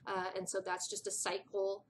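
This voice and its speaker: A woman's voice: mid-range voice, completely flat delivery, moderate pace, slight background noise. Chatty rambling woman vlogger. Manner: chatty, rambling, frequent asides and apologies. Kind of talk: casual storytelling to camera.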